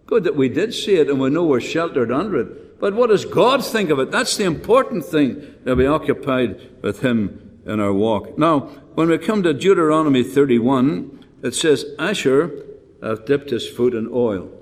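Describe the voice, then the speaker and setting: A man's voice: fairly high pitch, animated, moderate pace. An older man preaching a folksy, rambling sermon with rhetorical questions and frequent restarts. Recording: long hall reverb.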